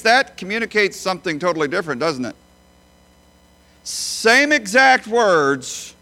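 A man preaching a sermon as a pastor, emphatic, swinging between loud high bursts and quiet low phrases. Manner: emphatic, with big swings in pitch and loudness.

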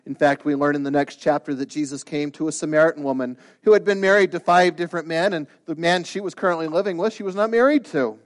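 A man's voice: a little high, fast, hardly any pauses. Earnest, emphatic man preaching a sermon. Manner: earnest, emphatic preaching with rising bursts of intensity; conversational asides with restarts. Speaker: pastor.

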